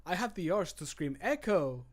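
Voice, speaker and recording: A man recording voice lines for a game character, an excitable young male adventurer companion, with eager, playful delivery into a studio microphone. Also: high voice, moderate pace. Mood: wry.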